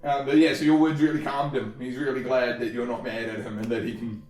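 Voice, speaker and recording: A man's voice: medium pitch, level tone, a little fast, darkish tone. A man narrating a tabletop game as game master, rambling and hesitant, with many fillers. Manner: rambling and hesitant, full of "sort of" and "like". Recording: roomy, from far off.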